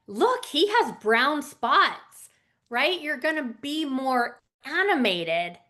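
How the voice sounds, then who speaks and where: Woman, public speaking coach, conversational and informal, slightly high voice. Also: fairly bright tone. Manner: conversational, frequent fillers and asides. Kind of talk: casual spoken lesson.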